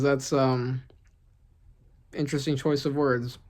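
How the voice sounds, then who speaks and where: A host reading comic panels aloud and reacting excitedly in casual commentary, often asking "right?". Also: mid-range voice, a little slow, gravelly. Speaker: manga reaction channel host.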